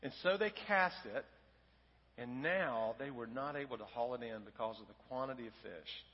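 A man's voice: medium pitch, moderate pace, dull audio. Male pastor preaching in a hall. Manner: conversational preaching with fillers, dramatizes quoted lines. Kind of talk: sermon. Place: church sanctuary.

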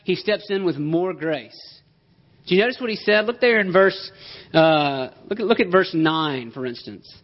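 Man preaching with lively emphasis. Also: sits high, normal speed. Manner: emphatic, conversational preaching with rhetorical questions. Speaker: pastor. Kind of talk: sermon. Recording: dull lo-fi sound.

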